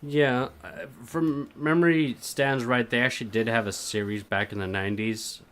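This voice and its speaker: A man's voice: medium pitch, steady tone, moderate pace, a bit bright, a little hiss or hum. Laid-back man co-hosting a podcast. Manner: laid-back, agreeable, sarcastic asides. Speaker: podcast co-host. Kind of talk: casual chat.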